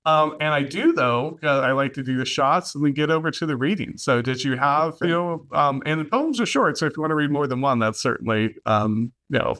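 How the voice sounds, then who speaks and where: A male podcast host chatting informally with his guest. He rambles, restarts his sentences and fills the pauses, keeping a friendly, conversational flow. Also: on the high side, animated, fairly bright tone. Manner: rambling, with many fillers and restarts. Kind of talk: casual podcast chat.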